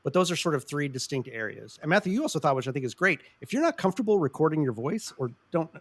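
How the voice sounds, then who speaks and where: A man with a slightly raised pitch co-hosts a podcast in loose, easy chat, swearing freely and laughing between thoughts. The sound is dry and close, with no room around it. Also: very animated, fast talker, no room sound. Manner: casual and profane, laughs often. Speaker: podcast co-host. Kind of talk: casual chat.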